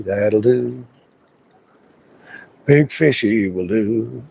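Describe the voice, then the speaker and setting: A man's voice: medium pitch, fairly even intonation, drawn-out words, gravelly, pauses often, dark tone, slightly rough. A man casually talking through a fishing session outdoors by a river, chatting to himself and to the fish. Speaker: fishing livestreamer. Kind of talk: casual live commentary while fishing.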